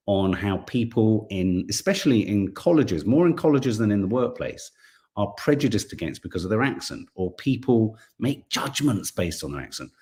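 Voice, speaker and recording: A middle-aged man chats casually on a live stream, reading out viewer comments. His voice sits low but moves through a wide, lively range. He thinks aloud, often stopping and restarting his sentences.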